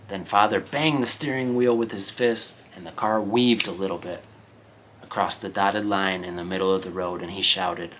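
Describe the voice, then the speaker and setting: A man teaching English by reading a novel aloud, slow and explanatory, often checking in with his listeners. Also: low-pitched, fairly even intonation, a bit bright, slight background noise.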